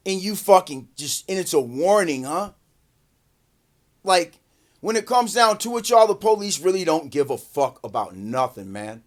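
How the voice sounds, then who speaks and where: A man telling a casual, profane story to his viewers, acting out the quotes loudly. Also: on the high side, lively intonation, moderate pace. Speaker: vlogger.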